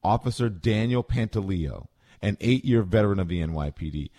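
Man, low register, radio commentator; deliberate, blunt read of a news story. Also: mellow.

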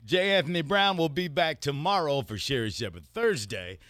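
A man hosting a morning radio show, joking and laughing with his co-hosts in lively banter. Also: on the high side, normal speed, no room sound, studio quality.

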